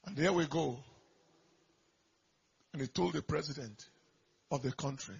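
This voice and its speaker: A man's voice: on the high side, measured pace, creaky, pauses often, husky. A man preaching a sermon as pastor, telling a story with emphatic surges of volume. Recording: dull lo-fi recording.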